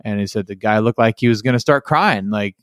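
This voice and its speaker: A man's voice: fairly low pitch, brisk, fairly bright tone, no echo. Dry-sounding man rambling through a story. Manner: rambling storyteller, heavy use of "like" and "you know". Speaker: podcast host. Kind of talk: casual interview chat.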